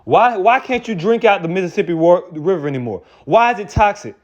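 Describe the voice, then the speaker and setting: A man's voice: sits high, animated, brisk. Angry preaching man, lo-fi sound. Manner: angry, profane, repeats and restarts words. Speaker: street preacher. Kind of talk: heated preaching rant. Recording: dull lo-fi recording.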